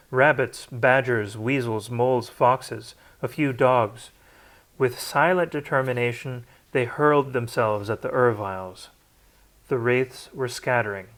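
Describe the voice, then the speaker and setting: A man's voice: medium pitch, fairly bright tone. A man reading a novel aloud, unrehearsed, with occasional slips and restarts. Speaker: audiobook narrator. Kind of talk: unrehearsed read-aloud narration.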